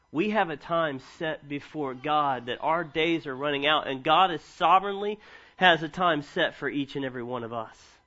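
A man's voice: medium pitch, highs cut off. A man in his thirties preaching a sermon, reading scripture and telling funny stories from family life. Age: 30s. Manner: animated storytelling with humor. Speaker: pastor.

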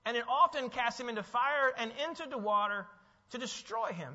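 High-voiced preacher in a reverberant hall. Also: male voice, a little fast. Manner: animated, asks the audience questions. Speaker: pastor. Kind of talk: sermon. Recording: dull, with long hall reverb.

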